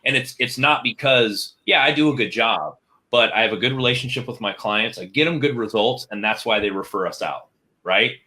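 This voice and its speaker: A man's voice: mid-range voice, a little fast, bright, forceful tone. A man speaking as a guest on a podcast, candid and emphatic, often tagging his points with "right?". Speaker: guest, chiropractic marketer. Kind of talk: casual interview chat.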